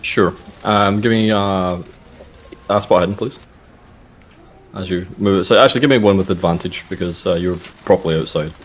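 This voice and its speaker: A man as game master narrating a tabletop game, relaxed with many fillers. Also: low-pitched, normal speed.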